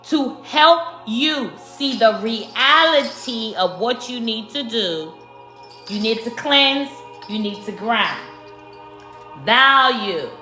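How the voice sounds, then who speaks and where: A woman from Brooklyn with a New York accent, giving a spiritual tarot card reading to her viewers in slow, emphatic speech that addresses them as the collective. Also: a little high, animated, sharp tone. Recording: echoey room with faint music.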